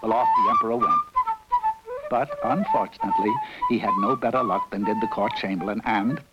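A man narrating a children's storybook in a playful, expressive way. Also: very high-pitched, fairly quick. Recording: dull lo-fi recording with loud music.

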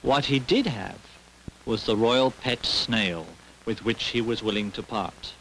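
A man reading a children's storybook aloud in a playful, expressive way. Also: mid-range voice, unhurried, a little hiss or hum, poor audio. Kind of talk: storybook narration.

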